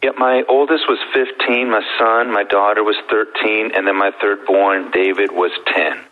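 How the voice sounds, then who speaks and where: A middle-aged man telling his personal story as a guest, earnest and heartfelt with slow pauses. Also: lowish voice, fairly even intonation. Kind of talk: emotional personal testimony. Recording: thin phone-like sound.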